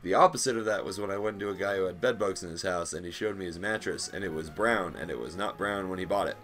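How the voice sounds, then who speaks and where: Deep-voiced young man telling stories casually. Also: fast, fairly bright tone. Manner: laid-back storytelling, swears freely. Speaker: podcast host. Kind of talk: casual chat.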